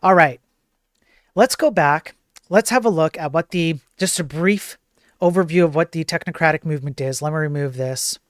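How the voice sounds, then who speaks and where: A man's voice: a little high, normal speed, no echo, clean studio sound. A man hosting a livestream, commenting casually on videos as he plays them, swearing often, repeating himself and reading on-screen text aloud. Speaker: livestream host.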